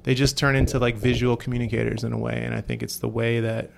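A relaxed man with a gravelly voice talks in a flat, even tone, full of fillers and loose restarts. His casual chat is recorded with a faint noise underneath. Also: medium pitch, fast. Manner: laid-back, rambling, lots of fillers. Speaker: cyclist sharing stories.

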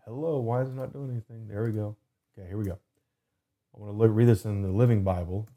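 A man hosting a faith podcast, talking loosely and earnestly and slowing down to read scripture with emphasis, recorded at a desk setup. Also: fairly low pitch, steady tone, mellow. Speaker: podcast host. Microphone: computer desk setup.

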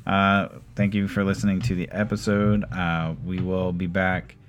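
A podcast co-host in a relaxed, rambling chat, with fillers and casual swearing. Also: low-pitched, moderate pace, highs cut off. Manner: laid-back, rambling, with fillers and mild swearing.

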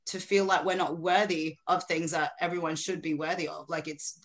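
A woman's voice: sits low, flat delivery, moderate pace. Aussie woman guest on a podcast, upbeat, laughs a lot, remote call. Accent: Australian. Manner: upbeat, laughs easily while talking. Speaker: podcast guest, mindset coach. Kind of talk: casual podcast interview. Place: home, hot weather far from hosts.

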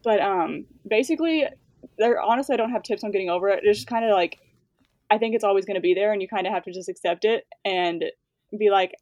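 Twenties female guest, quick chatty delivery, filler-heavy, mid-pitched, dry close mic. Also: a little mellow, dry recording, lo-fi sound. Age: 20s. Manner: fast-talking, filler-heavy, laughing. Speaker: guest influencer. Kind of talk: casual interview chat.

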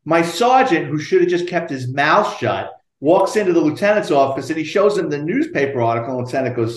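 Animated New ex-cop telling stories. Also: male voice, fairly high pitch, fairly quick, few pauses, roomy sound. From New York. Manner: animated, profane, acts out quotes. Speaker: retired police detective, guest. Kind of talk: storytelling in a podcast interview.

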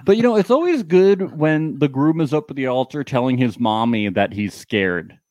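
A podcast co-host chatting casually, joking and laughing with quick asides. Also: medium pitch, lively intonation, a little mellow, no room sound. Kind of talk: casual chat about reality TV.

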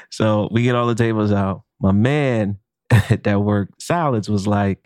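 Low-voiced man telling a kitchen story. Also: a little slow, no room sound, clean studio sound. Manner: animated, profane, acts out quotes with laughs. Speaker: chef and podcast co-host. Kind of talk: casual podcast storytelling.

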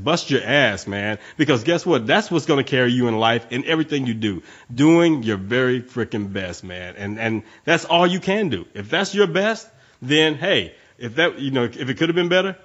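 A man's voice: mid-range voice, fairly bright tone, husky. A man talking emphatically and swearing casually as a guest on a podcast, speaking as a parent. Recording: dull lo-fi audio.

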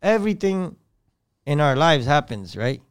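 A man's voice: on the high side, sing-song, measured pace, clean tone, dry recording, clean studio sound. A man speaking as a podcast guest, rambling through an emotional story, swearing often, his voice swelling and dropping with feeling.

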